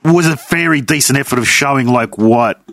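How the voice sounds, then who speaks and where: A man's voice: mid-range voice, fairly quick, vocal fry, a bit bright, a little hiss or hum. A man talking casually about films, rambling and searching for words. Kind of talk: casual chat.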